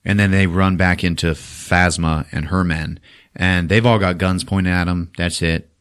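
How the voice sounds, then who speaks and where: A man hosting a podcast, retelling a film in a casual, profane and animated way. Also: low-pitched, a little slow, smooth. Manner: animated, swears often, acts out quotes in silly voices. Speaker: podcast host recapping a film. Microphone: podcast mic.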